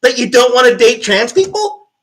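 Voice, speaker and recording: A woman's voice: on the high side, very animated, normal speed, rough recording. A woman livestreamer ranting angrily and profanely to her chat, with an exasperated, mocking edge. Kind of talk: live-stream rant.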